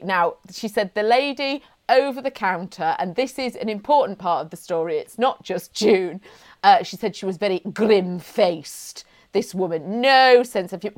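A woman co-hosting a casual chat, telling a story with animated asides and frequent laughter. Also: a little high.

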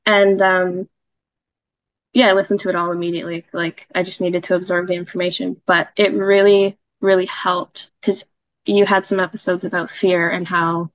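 A woman's voice: fairly low pitch, flat delivery, moderate pace, no echo. Woman guest, chatty storyteller, muffled dry remote-call sound. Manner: chatty, with frequent fillers and laughs. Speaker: podcast guest sharing a story. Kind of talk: casual storytelling.

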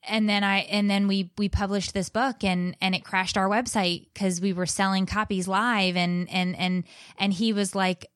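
A woman in her thirties, a guest telling a candid personal story in a frank, animated way with many restarts. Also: medium pitch, normal speed, no echo, clean studio sound. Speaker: podcast guest, blogger and author.

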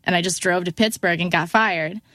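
A young woman, a musician on a podcast, casually relays a story in a fairly low, brisk voice. Recorded dry at studio quality, she is animated, peppers her speech with "like," and voices others' words in a raised tone.

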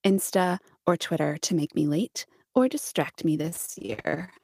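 A woman putting on a languid woman celebrity who drags out every word in a low, bored drawl. The sound is close and dry. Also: husky, dry recording, heavily acted. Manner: slow, drawling, low, flat.

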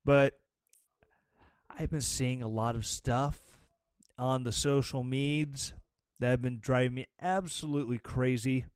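A man's voice: mid-range voice, fairly even intonation, unhurried, pauses often, darkish tone, smooth, no echo, clean studio sound. Tired, sarcastic man ranting on his show. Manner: sarcastic, rambling, with mocking quoted voices. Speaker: show host. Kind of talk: casual political rant.

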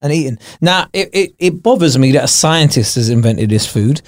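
A man's voice: on the high side, animated, normal speed, dry recording. A man co-hosting a casual podcast, bantering with playful mock outrage and laughing often. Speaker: podcast co-host.

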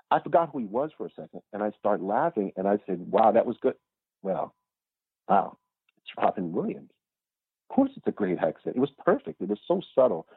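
Husky man telling stories over a tinny line. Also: fairly low pitch, no room sound. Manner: animated storyteller, acts out quotes. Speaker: podcast guest. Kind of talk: casual storytelling.

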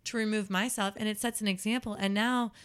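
A woman's voice: mid-range voice, steady tone, fairly quick, a bit bright, clear, resonant tone. Woman nanny telling stories casually. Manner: storytelling, acts out quoted voices. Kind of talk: casual chat.

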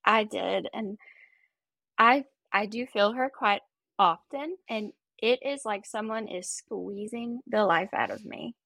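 A woman's voice: mid-range voice, slow, vocal fry, sharp tone, no room sound. A woman at a spirit reading, answering with brief affirmations and recounting a dream. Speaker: sitter at a reading. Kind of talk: casual chat.

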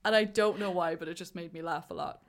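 A woman co-hosting a casual film chat who laughs often and tells scenes with animated energy. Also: on the low side, fast talker. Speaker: podcast co-host.

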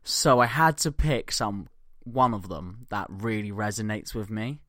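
A man's voice: lowish voice, measured pace, a bit bright, no room sound, studio quality. A man co-hosting a podcast in casual banter, profane and jokey, laughing often. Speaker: podcast co-host.

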